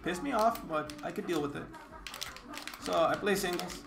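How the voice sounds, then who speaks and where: A man's voice: sits high, moderate pace, gravelly. Exasperated young man ranting about his week. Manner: animated and exasperated, swears freely, mimics others in dialogue. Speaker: competitive gamer streamer. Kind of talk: casual storytime rant.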